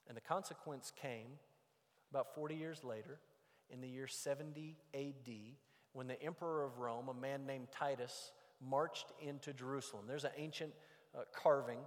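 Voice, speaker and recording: A man preaching a sermon, moving from loud emphatic points to hushed, quiet passages. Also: medium pitch, in a large hall. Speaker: pastor.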